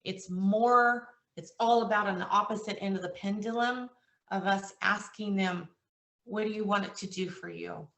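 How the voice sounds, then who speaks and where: A woman's voice: medium pitch, normal speed, gravelly, fairly bright tone, distant mic. Earnest woman trainer in an echoey room. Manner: earnest, emotional, retells calls with quoted dialogue. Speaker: insurance agency trainer. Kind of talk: motivational sales training talk.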